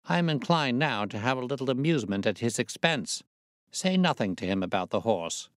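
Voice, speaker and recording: A man reading the part of a sharp, confident male detective, crisp and faintly amused. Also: medium pitch, lively intonation, brisk, no room sound, studio quality, pitched above the performer's own voice, natural voice.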